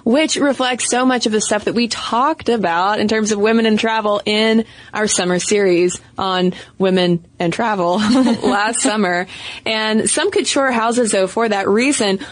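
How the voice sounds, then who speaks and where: A woman co-hosting a casual history podcast, playful and quick to laugh, sometimes singing out quotes. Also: medium pitch, no echo. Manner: playful, laughs often, breaks into sung quotes. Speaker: podcast co-host. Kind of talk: casual conversational history chat.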